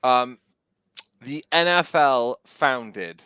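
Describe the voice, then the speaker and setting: A Geordie-accented quizmaster reads quiz questions on a podcast, teasing and laughing often in casual banter. His medium-pitched voice is expressive and sharp in tone, delivered extremely slowly with a clean sound.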